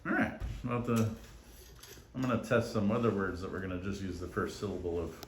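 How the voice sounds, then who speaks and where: A man's voice: sits low, brisk. A man vlogging outdoors, bantering playfully with friends and laughing often. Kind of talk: casual banter. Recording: echoey with faint noise.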